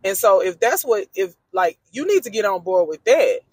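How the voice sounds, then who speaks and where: A woman's voice: mid-range voice, very animated, normal speed, husky, dry recording. A woman hosting a faith-based podcast from her car, talking to listeners in a chatty, emphatic, preachy way and calling them friend. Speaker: podcast host.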